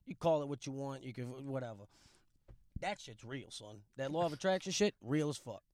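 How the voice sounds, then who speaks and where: A man's voice: medium pitch, lively intonation, normal speed, darkish tone, no echo. Guy from Louisiana, profane and blunt, dry close mic, casual podcast storyteller. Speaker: podcast guest.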